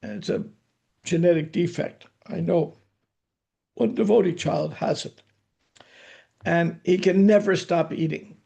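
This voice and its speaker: A man's voice: a little high, measured pace, vocal fry, pauses often, mellow. An older man giving a scripture lecture, telling anecdotes in a conversational way with dry humor. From United States. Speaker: spiritual teacher giving scripture class.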